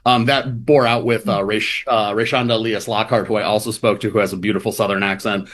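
This man, a reporter from the American Midwest, is being interviewed and keeps his talk loose, sprinkling in "um," "like," and other hedges. He has a lowish, fairly bright voice with a steady tone and a fairly quick pace.

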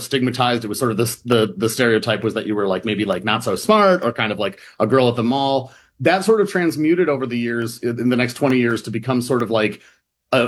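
A man in an interview, talking as a reporter at a medium pitch. He explains in loose, chatty runs full of fillers and restarts, and now and then mimics other voices playfully. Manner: rambling with many fillers and restarts. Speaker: reporter guest. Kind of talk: casual explanatory chat.

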